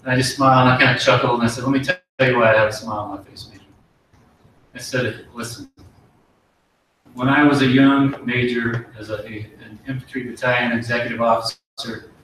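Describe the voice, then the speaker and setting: A middle-aged man, an army officer, giving an earnest promotion speech and telling a folksy story with pauses and restarts. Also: medium pitch, fairly even intonation, sharp tone, distant mic, slight background noise. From United States. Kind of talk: ceremony speech with war story. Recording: very echoey hall, voice from afar.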